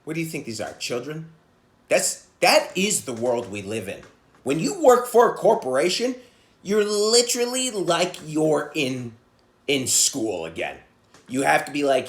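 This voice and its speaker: Profane comedian ranting in echoey room. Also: male voice, very animated, moderate pace. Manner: profane, blunt, swings between loud outbursts and low mutters. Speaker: comedian and podcast host. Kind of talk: casual monologue rant.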